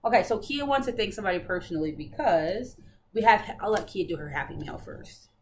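A woman's voice: medium pitch, animated, fairly quick, a little hiss or hum. Chatty woman hosting a stitching chat. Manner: chatty, bubbly, many fillers. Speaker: Flosstube host. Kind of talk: casual cross-stitch chat.

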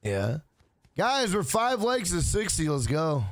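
A man's voice: high voice, very animated, takes it slowly. A man streaming a game, chatting casually with his viewers in a joking, profane way. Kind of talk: casual gaming livestream chat.

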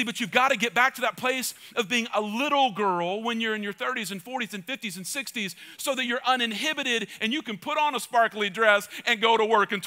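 Bright high-voiced preaching man. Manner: passionate preaching, swinging between loud urging and soft asides; repeats phrases for emphasis. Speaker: pastor. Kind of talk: sermon.

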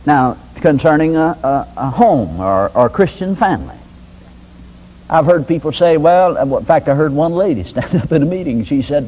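A man's voice: on the high side, lively intonation, normal speed, darkish tone, poor audio. An older man preaching a sermon in a folksy, conversational way with homespun examples. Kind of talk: sermon teaching.

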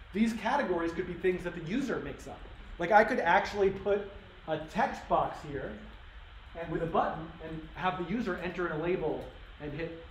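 A man teaching a live-coding workshop, thinking aloud with lots of fillers and restarts. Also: fairly high pitch. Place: workshop room. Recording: roomy live-stream audio with faint room noise.

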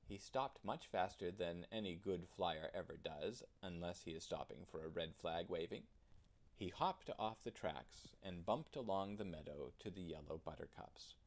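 A man narrating a children's storybook in an expressive storytelling manner. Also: deep voice, normal speed. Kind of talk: children's storybook read-aloud.

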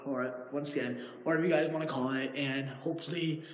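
A young man talks his way through a casual vlog, filming himself in an empty house. He rambles, restarts often and leans on fillers. His pitch sits at an everyday middle level. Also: steady tone, a little fast. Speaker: vlogger. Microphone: handheld device.

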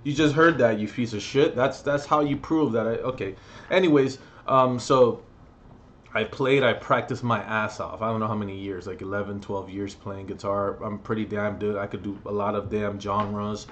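A young man talking straight to the camera in a loose, rambling vlog. He swears a lot and cracks crude jokes. His delivery lurches from loud bursts to low, trailing mumbles. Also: steady tone, moderate pace, dull audio. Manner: profane, jokey, swings between loud outbursts and mumbling. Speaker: vlogger. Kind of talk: rambling comedic monologue vlog.

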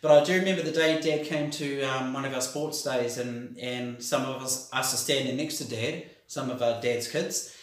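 A man's voice: medium pitch, normal speed. A man with a New Zealand accent giving a rambling, hesitant birthday tribute to his sister, full of ums. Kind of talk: casual spoken birthday message. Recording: very echoey room.

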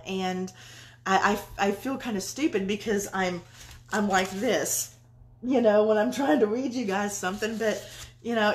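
A middle-aged woman with a Southern US accent, an author reading her own book aloud and then chatting with her live viewers in an effusive way, swearing freely. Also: medium pitch.

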